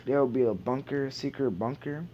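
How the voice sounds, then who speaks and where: A man voicing a calm adult ninja leader explaining things to his son in a plain tone, on a dull, lo-fi recording. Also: medium pitch, moderate pace, slight background noise, lightly acted.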